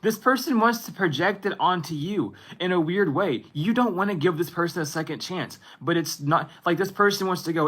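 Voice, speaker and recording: Young man, twenties, tarot reader, rambling casual talk, bright tone. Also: high voice, normal speed, hardly any pauses. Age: 20s. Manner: rambling, self-interrupting, laughs at himself. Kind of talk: casual spiritual reading to viewers.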